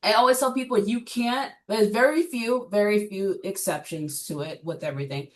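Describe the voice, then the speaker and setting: A woman's voice: medium pitch, normal speed, far from the mic. A woman personal trainer talking bluntly and with energy in a casual interview chat. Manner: blunt, energetic, laughs often.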